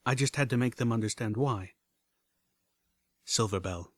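A man narrates a storybook audiobook in a steady, measured way. His voice sits at middle pitch, dry and close to the mic. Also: no echo.

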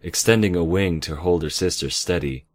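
A man calmly reading a fantasy story aloud in measured narration, over background music. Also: low-pitched. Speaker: story reader.

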